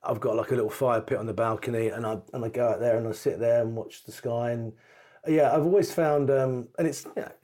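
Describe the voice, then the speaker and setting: Middle-aged man telling stories lively. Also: medium pitch, a little fast. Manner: lively, laughing, swears casually. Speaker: podcast guest. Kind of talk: anecdotal storytelling.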